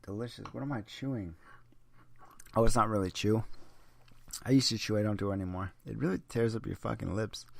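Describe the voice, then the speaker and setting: A man's voice: on the low side, vocal fry, no echo. A young man, a little drunk, rambling and swearing his way through a solo podcast monologue. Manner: profane, rambling, tipsy. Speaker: podcast host.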